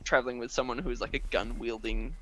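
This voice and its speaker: A man's voice: mid-range voice, steady tone, quick pace, pushed and bright, low-quality recording. Young male podcaster, casual, talks in long rambling retellings. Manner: rambling, lots of fillers and retold scenes. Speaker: podcast co-host. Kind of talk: casual chat.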